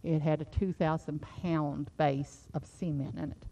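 A middle-aged woman preaching a sermon, moving from a quiet personal story into fervent, rising exhortation. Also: low voice, fairly even intonation, unhurried. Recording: slightly dull lo-fi sound.

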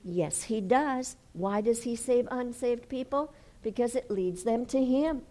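A woman preaching a sermon and telling a healing story, dropping to hushed whispers and then rising to loud, fervent exclamations. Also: a little high, a little slow, rough recording. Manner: storytelling with acted quotes.

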